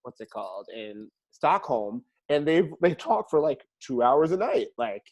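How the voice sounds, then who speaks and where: A young man hosting a podcast, chatting casually and telling stories in an animated way, laughing and swearing freely. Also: mid-range voice, unhurried. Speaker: podcast host. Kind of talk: casual chat.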